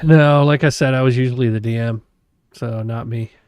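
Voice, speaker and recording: A man's voice: mid-range voice, steady tone, normal speed, a little mellow, clear, resonant tone, no room sound. A man chatting casually on a stream, matter-of-fact as he explains things. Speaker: stream guest, former game master. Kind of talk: casual chat.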